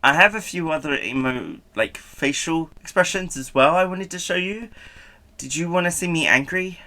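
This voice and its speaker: A man's voice: a little high, normal speed, sharp tone. A man chatting playfully with his live-stream audience, laughing often as he answers them. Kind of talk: casual live-stream chat.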